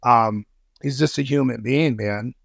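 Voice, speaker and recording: A man's voice: medium pitch, a little slow, gravelly, fairly bright tone, no room sound, studio quality. A man guesting on a podcast, telling a story in casual talk, swearing freely and using street slang.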